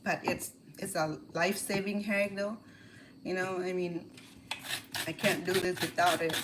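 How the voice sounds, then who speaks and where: A woman's voice: lowish voice, little pitch movement, measured pace, noisy background. Chatty Cambodian woman cooking in kitchen. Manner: chatty, rambling, restarts phrases while cooking. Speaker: home cooking host. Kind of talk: casual cooking vlog chat. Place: home kitchen. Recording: kitchen clatter of pots and dishes. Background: clinking pots, pans and dishes.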